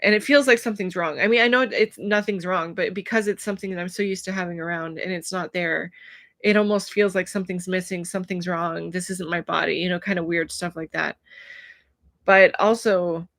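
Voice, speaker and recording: A woman talking to camera about her feelings in a personal vlog, emotional and searching for words, with many pauses and fillers. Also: fairly low pitch, fairly even intonation, a bit bright, no room sound, studio quality. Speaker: vlogger.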